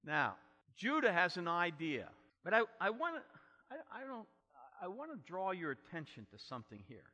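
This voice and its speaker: A man's voice: high-pitched, huge pitch swings, normal speed, bright, forceful tone. A man preaching an expository sermon and telling the story with dramatic emphasis. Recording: long hall reverb.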